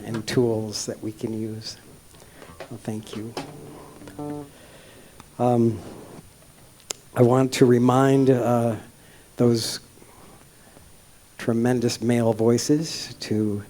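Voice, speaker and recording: Slow, mellow-voiced man giving church announcements. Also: medium pitch. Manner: halting, warm-hearted, many ums and uhs. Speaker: service leader.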